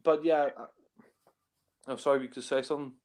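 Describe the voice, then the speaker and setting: A film reviewer with a mid-range, slightly mellow voice talks a little fast with fairly even intonation. His casual film discussion rambles, packed with fillers and frequent chuckles.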